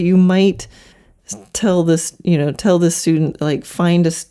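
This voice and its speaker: Chatty woman with a mellow voice. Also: sits low. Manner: chatty, animated, slips into quick mock demos. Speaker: podcast host and horse trainer. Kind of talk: solo podcast monologue.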